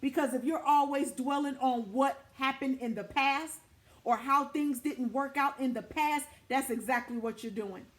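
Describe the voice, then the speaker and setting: A woman's voice: high voice, normal speed. A woman delivering a prophetic word to her viewers, exhorting them emphatically and repeating her points in an informal, direct way. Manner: informal, direct address to listeners. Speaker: prophetic minister.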